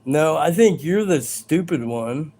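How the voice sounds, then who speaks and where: A man's voice: on the high side, lively intonation, unhurried, dark tone. A man hosting a live stream, talking to his chat in a combative, profane, ranting way.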